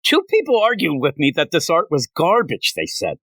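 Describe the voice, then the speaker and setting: A man's voice: on the high side, wildly swooping pitch, normal speed, a bit bright, no echo. A man hosting a comics podcast, talking casually and animatedly, often repeating "I'm telling you.". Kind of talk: casual chat.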